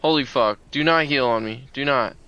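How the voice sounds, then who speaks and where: A man giving casual gameplay commentary, excitable and swearing often, with sudden loud outbursts. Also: medium pitch, moderate pace, clean tone, rough recording. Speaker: gameplay streamer.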